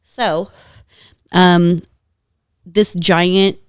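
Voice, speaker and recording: A woman guest on a podcast, telling stories in a lively, casual way, swearing freely and laughing often. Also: on the low side, drawn-out words, smooth, no echo, studio quality. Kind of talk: casual storytelling chat.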